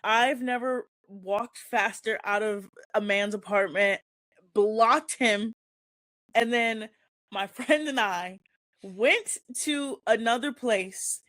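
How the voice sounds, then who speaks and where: Her voice is a little high and slow, with no room sound, as she hosts a relaxed chat show. She spins out a long personal anecdote, animatedly voicing what everyone in it said.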